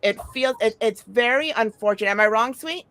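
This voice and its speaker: A woman's voice: on the high side, a little fast, fairly bright tone. A middle-aged woman talking in a casual chat, telling stories bluntly and animatedly, with frequent swearing.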